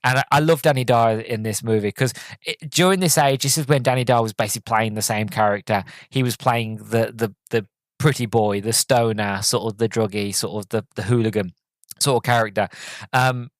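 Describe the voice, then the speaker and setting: A man's voice: fairly low pitch, fairly even intonation, a little fast, no room sound. A man hosting a podcast, casually reviewing a film with lots of fillers and restarts while retelling scenes. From Britain. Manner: rambling, with many fillers and restarts, retelling scenes in quoted voices. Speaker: podcast host.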